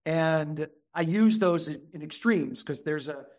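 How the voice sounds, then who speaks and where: A man with a somewhat high voice talks earnestly as a therapist guest in an interview. When he acts out what he tells children, he goes soft and soothing. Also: unhurried. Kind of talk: conversational interview.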